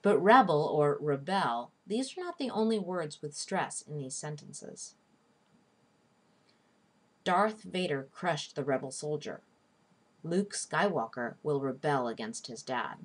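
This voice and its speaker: Low-voiced woman giving a recorded lecture. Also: lively intonation. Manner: clear, deliberate teaching delivery, slowing to stress syllables. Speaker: literature instructor.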